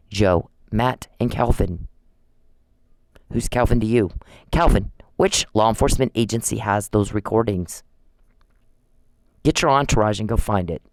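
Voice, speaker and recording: A man's voice: on the low side, no room sound, low-quality recording. Man ranting accusingly, dry sound. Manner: confrontational, accusing, repeating taunts and challenges. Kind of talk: angry accusatory rant addressed to camera. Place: at home.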